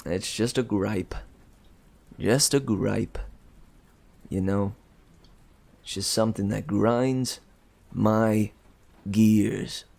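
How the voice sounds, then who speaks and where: Male story reader in a loose aside, chuckly and self-amused, with a low, creaky voice. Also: steady tone, extremely slow, pauses often, a little mellow. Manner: chatty, self-amused, chuckling, trailing off and restarting. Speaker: audiobook reader. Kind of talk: casual rambling aside.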